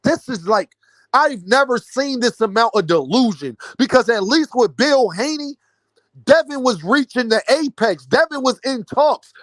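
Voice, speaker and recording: A man's voice: very high voice, lively intonation, measured pace, a bit bright, no echo. A man ranting about boxing to his viewers, mocking and incredulous. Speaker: boxing commentary vlogger. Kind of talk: animated boxing rant.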